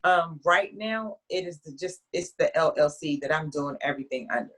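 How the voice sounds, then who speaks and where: A woman with a fairly low-pitched voice, talking as an author in a casual interview. She tells her stories in a chatty, animated way and often starts sentences over. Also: normal speed. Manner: chatty, animated storyteller with frequent restarts and laughs.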